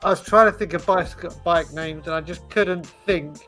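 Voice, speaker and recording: High-voiced cheerful man. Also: moderate pace, sharp tone, faint music behind. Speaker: co-host. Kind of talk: casual chat.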